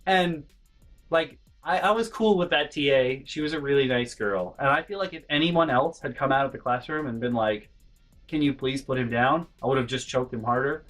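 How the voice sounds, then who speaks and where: A man vlogging a personal story in an animated way, swinging between hushed and loud and swearing freely. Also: medium pitch, a little fast, few pauses, rough recording. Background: faint background music.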